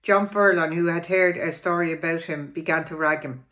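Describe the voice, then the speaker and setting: A woman's voice: fairly low pitch, normal speed. Woman reading a memoir aloud. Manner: plain steady reading with small slips and restarts. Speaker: reader of a local history memoir.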